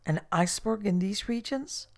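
Storybook castaway gentleman, brusque and demanding, voiced by a man, a gravelly tone. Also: sits high, moderate pace, pitched above the performer's own voice. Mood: impatient. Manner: brusque, questioning. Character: indignant shipwrecked English gentleman.

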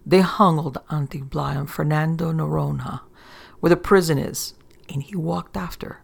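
Gravelly-voiced man telling a sea yarn. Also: a little high, moderate pace. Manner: steady old-sailor yarn telling. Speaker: narrator. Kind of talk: storytelling read-aloud.

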